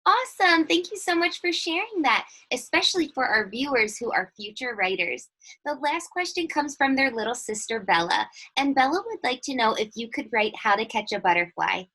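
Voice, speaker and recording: A woman's voice: high voice, expressive, moderate pace, sharp tone. A woman hosting a kids' interview, cheerful and encouraging like a teacher. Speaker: host, teacher.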